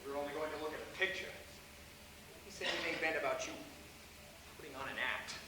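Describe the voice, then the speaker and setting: A young actor playing a dry, suspicious young lawyer, recorded on stage from far off in an echoey hall. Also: male voice, on the high side, fairly even intonation, a little fast, background noise, lightly acted. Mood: wry. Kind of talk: community theatre acting.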